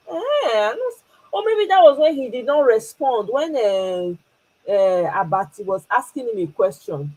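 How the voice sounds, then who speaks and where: A woman's voice: medium pitch, a little mellow, husky, rough recording. A woman with a Nigerian accent, hosting her own channel and talking to viewers in an emphatic, casual way, switching between English and Pidgin. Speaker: host. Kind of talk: casual political commentary to viewers.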